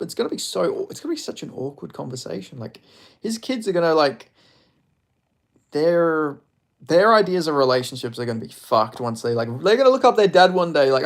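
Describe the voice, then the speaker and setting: A man's voice: medium pitch, creaky. A young man, chatting casually and crudely on a live stream, rambling with lots of fillers.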